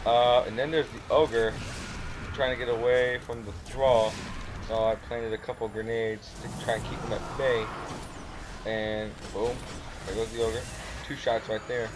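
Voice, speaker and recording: A man's voice: medium pitch, level tone, measured pace, noisy background. A man giving a casual, rambling play-by-play commentary over his own gameplay footage. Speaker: gamer, channel host. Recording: game sounds behind the voice.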